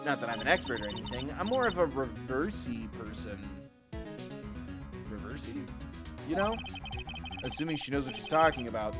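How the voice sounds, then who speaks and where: A man streaming a game, joking quickly and reading the dialogue aloud. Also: medium pitch. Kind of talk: casual gaming commentary, reading game lines aloud. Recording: gaming stream with music underneath.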